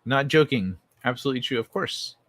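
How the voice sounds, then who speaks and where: A man hosting a casual late-night stream reads chat messages aloud in a loose, profane way, his delivery expressive and brisk. His voice sits at an ordinary pitch with a slightly bright tone, recorded dry and close with no room sound or echo.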